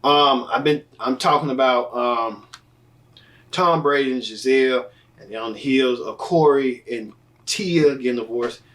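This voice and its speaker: A man's voice: mid-range voice, unhurried, fairly bright tone, distant mic. A man hosting a casual entertainment news show, talking in a loose, rambling way with many fillers and restarts. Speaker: host.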